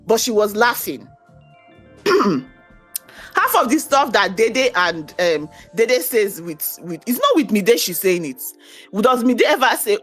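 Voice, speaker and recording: Animated woman ranting. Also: a little high, a little slow, soft background music. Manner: animated, ranting, quoting others. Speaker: reality show commentator. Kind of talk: casual opinionated chat.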